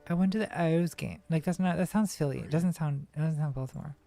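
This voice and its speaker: A woman's voice: low-pitched, quick pace, vocal fry, warm tone, dry recording, faint music behind. A woman streamer giving casual gaming commentary, rambling with ironic, self-mocking jokes.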